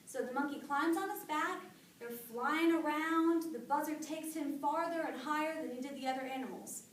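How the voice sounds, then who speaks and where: A woman's voice: sits high, moderate pace, far from the mic, a little hiss or hum. A young woman telling a folk tale to a live group in a casual, chatty way. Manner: chatty, animated, with fillers. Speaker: storyteller. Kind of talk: casual oral storytelling to an audience. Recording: echoey room, voice from off-mic.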